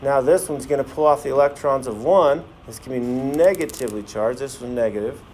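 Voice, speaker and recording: A man's voice: mid-range voice, brisk, darkish tone, slight background noise. A man teaching a science class, firing questions at the students and joking as he runs a demonstration in a classroom. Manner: asks the class many questions, jokey.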